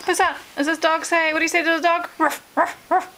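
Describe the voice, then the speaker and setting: Very high sing-song woman in baby talk. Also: flat delivery, fast. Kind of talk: home video, talking to a baby. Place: family home indoors. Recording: home camcorder with noticeable background noise.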